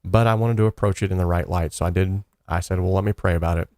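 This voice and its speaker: A man with a low, deep voice recounts a personal story in a lively way. He slips into the voices of the people he quotes as he goes. The sound is close and dry, with no room echo. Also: fast talker.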